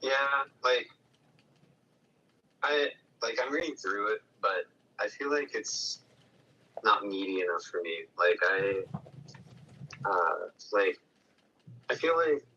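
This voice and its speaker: A man's voice: lowish voice, animated, slow pace, pauses often, sharp tone, highs cut off, a little hiss or hum. A man speaking as a student, hesitant and full of filler words. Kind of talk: casual chat.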